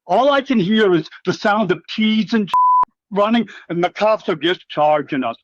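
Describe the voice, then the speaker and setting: As a guest in a casual storytelling interview, a middle-aged ex-wrestler with a fairly high voice rambles through profane war stories and acts out others' lines. He's expressive at a normal pace, recorded dry and slightly dull with no room sound.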